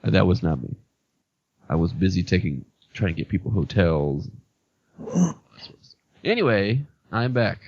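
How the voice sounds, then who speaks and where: A man with a low, gravelly voice co-hosts a casual gaming podcast, joking and rambling at his own expense. The sound is dry and close, on a dull lo-fi recording. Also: very animated, measured pace, pauses often, darkish tone, dry recording. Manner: joking, rambling, self-deprecating. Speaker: podcast co-host. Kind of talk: casual chat.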